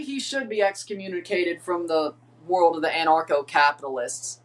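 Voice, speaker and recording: A man's voice: on the high side, expressive, normal speed, a bit bright, distant mic. Chatty man, slightly off-mic. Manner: rambling, chatty, reads lineups aloud. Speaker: streamer hosting a watchalong. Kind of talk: casual live reaction chat.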